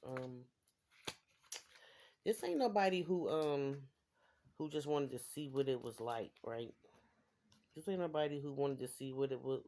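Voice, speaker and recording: A woman's voice: a bass voice, dark tone. A woman giving a casual tarot reading to her viewers, rambling and repeating phrases for emphasis. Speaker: tarot reader.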